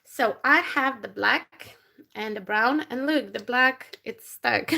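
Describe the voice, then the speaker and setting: Her voice runs high, gravelly, pushed and bright, with a non-native English accent and slushy sh sounds. She hosts a relaxed craft livestream, talking while she works, laughing a lot, and speaking slowly and haltingly.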